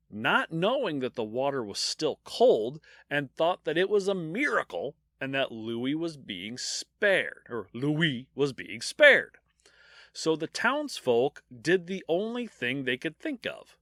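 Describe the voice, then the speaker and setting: A man's voice: on the high side, unhurried, few pauses, dry recording, studio quality. A man co-hosting a podcast, telling grim history stories in a casual, joking way. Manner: animated storyteller, jokes about grim details. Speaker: podcast co-host.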